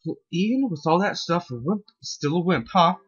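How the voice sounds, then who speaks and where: Bratty boastful forest boy from a video game, taunting, husky, a man reading the lines, muffled lo-fi sound. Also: high voice, lively intonation, brisk, pitched above the performer's own voice.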